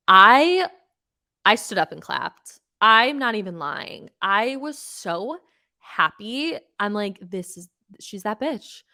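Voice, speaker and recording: A young woman hosting a pop culture podcast, recapping reality TV in an animated, gossipy way, swearing freely and full of fillers. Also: mid-range voice. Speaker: podcast host.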